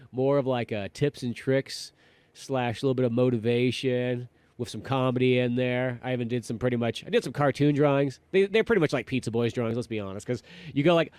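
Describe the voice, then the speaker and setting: Male podcast co-host, quick and rambling, swears casually, dry close mic. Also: mid-range voice, clean tone, no room sound. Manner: animated, swears casually, rambling with many fillers. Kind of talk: casual chat.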